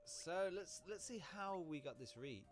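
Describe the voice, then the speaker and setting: A man's voice: a little high, lively intonation, a little slow, faint music behind. A man chatting casually while live-streaming a game, rambling and laughing easily. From Britain.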